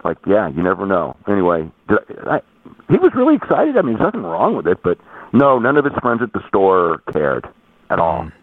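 A man telling a story in casual chat, rambling with halting restarts, heard over a tinny phone line. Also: deep voice, wildly swooping pitch. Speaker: podcast guest.

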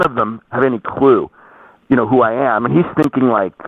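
A man telling a story in casual chat, rambling with halting restarts, heard over a tinny phone line. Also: medium pitch, gravelly, husky, dry recording. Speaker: podcast guest.

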